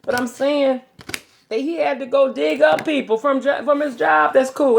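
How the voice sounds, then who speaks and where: A woman's voice: sits high, fairly even intonation, normal speed, vocal fry, slight background noise. A middle-aged woman vlogging from her home kitchen, telling rambling stories in a chatty, casual way. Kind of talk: casual chat.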